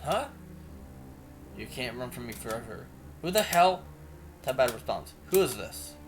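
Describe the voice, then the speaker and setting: A man reading a visual novel aloud, narrating and speaking as the lead. His delivery is animated and expressive at a medium pitch. Clear background music plays throughout. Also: normal speed. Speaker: game narrator and player. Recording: music playing underneath.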